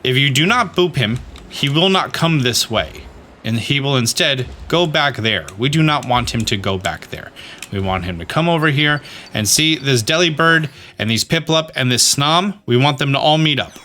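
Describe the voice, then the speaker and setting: Bright-voiced man narrating a game walkthrough. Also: mid-range voice, expressive, normal speed, a little hiss or hum. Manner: exasperated, talks to the game character; instructive, repeats "okay?". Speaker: gaming guide host.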